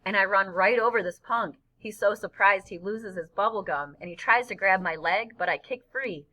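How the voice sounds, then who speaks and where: Bright-voiced woman narrating a novel. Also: mid-range voice, moderate pace, low-quality recording. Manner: first-person storytelling, lively. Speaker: audiobook narrator. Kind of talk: scripted narration.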